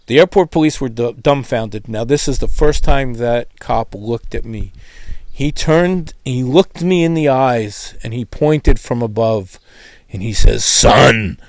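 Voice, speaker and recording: Man, middle-aged, gravelly, mid pitch, testimony storytelling, acts out voices. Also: measured pace, no room sound. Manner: animated, acts out quoted voices. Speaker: testimony speaker.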